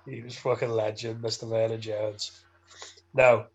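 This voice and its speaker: A man's voice: lowish voice, little pitch movement, a little slow, husky, muffled recording. Laddish young Liverpool man bantering. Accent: Liverpool English. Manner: laddish, swears freely, laughs a lot. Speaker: podcast co-host. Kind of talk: casual banter.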